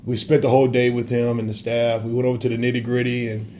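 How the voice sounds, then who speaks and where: A warm, mellow-voiced man, once an assistant basketball coach, talks through his memories in a reflective interview. He fills pauses with lots of "you know" and "um" and keeps an earnest, open tone. A faint room ambience sits under his voice. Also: mid-range voice, flat delivery, slight background noise. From Wisconsin. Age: 30s. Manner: earnest, many fillers.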